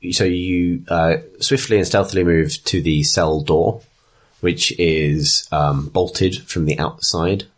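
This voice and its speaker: Deep husky male game master. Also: fairly even intonation, slow pace. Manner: hesitant, many ums. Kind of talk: narrating a tabletop game.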